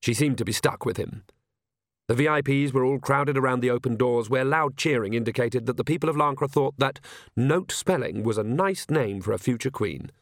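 A man reading a story aloud in even, wry narration. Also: medium pitch, moderate pace, no room sound, clean studio sound. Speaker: audiobook narrator. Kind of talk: scripted narration.

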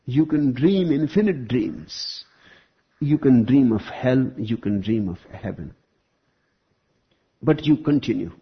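A spiritual teacher delivers a slow, deliberate discourse with long pauses between phrases. His voice has a husky, breathy edge. The recording sounds dull and lo-fi. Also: medium pitch, lively intonation.

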